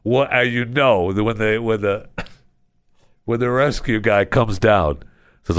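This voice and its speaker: A man filling in as a talk radio host, telling stories in an animated way and chuckling often. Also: on the low side, unhurried, pauses often, clean tone, dry recording, studio quality.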